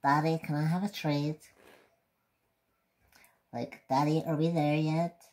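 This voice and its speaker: A man's voice: a little high, flat delivery, takes it slowly, darkish tone. A whiny begging pet cat, as a man puts her on. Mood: pleading. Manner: pleading, repetitive nagging.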